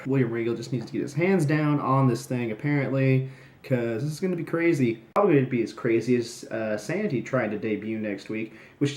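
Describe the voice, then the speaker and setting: A man's voice: mid-range voice, a little mellow. A young man casually recapping wrestling episodes, snarky and rambling with jokey asides. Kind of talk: casual solo recap commentary. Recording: roomy echoey room.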